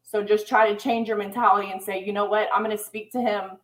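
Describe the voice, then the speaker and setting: A woman's voice: mid-range voice, little pitch movement, fast, rough recording. A woman in a casual podcast chat, talking earnestly and reflectively.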